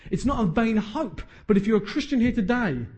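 Animated preacher in his thirties. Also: extremely high pitch, a little fast, lo-fi sound. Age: 30s. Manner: emphatic, joking asides. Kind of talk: sermon.

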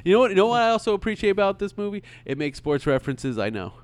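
A man co-hosting a casual movie podcast, talking in an animated, jokey way and slipping into mock voices. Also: high-pitched, rapid-fire, smooth. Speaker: podcast co-host.

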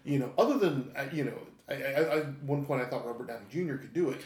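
A man's voice: medium pitch, fast talker, darkish tone, reverberant. A man chatting casually on a podcast, rambling with many fillers and chuckles. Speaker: podcast co-host. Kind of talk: casual chat.

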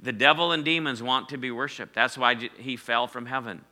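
A middle-aged male pastor preaching a sermon, calling on the congregation to repeat words and swinging between loud declarations and hushed phrases. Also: medium pitch, fairly quick. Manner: preaching with call-and-response prompts, swinging from loud to quiet.

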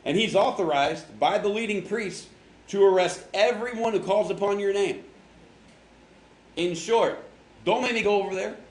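A man's voice: sits high, moderate pace, echoey room, pitched above the performer's own voice, close to an everyday voice, low-quality recording. A man voicing a frantic, pleading male disciple. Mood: protesting. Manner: pleading, exasperated.

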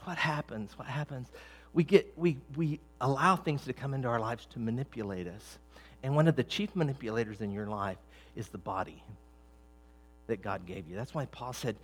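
A middle-aged man preaching a sermon, talking conversationally with many restarts and repeated words, building to emphatic, louder peaks. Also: medium pitch, husky. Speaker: pastor.

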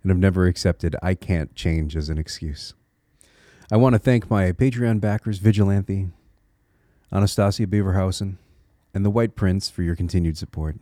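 Speaking at a normal pace in a low, dark voice, this solo podcast host from Connecticut, USA comes across as earnest, reflective and encouraging. He makes small restarts while thinking out loud. It's studio quality, with no room sound.

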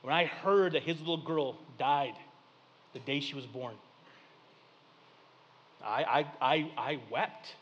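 A man delivers a sermon as a pastor, his voice sitting noticeably high for a man. He talks in plain, folksy speech, stumbling over a word now and then. He swings between big, lively preaching and soft, hushed storytelling. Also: takes it slowly, long pauses, lo-fi sound.

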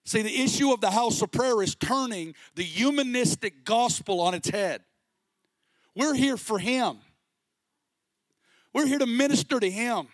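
Give me a middle-aged man with a high voice preaching passionately, recorded dry. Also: expressive, measured pace, long pauses, no room sound. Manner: impassioned, rising to shouts at peaks. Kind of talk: sermon.

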